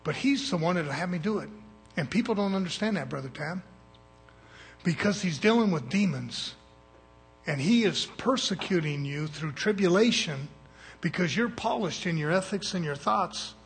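Male preacher, raspy rough voice, slightly high, blunt folksy sermon style with call-and-response. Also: animated, moderate pace.

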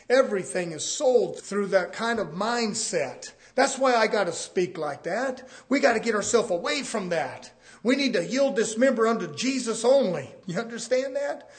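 A man delivers a sermon in a high, husky voice. He talks in a folksy way and swings between quiet, intimate asides and loud, fervent climbs. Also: animated, a little fast. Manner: preaching with surges from hushed to shouting; folksy, uses "ain't". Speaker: preacher.

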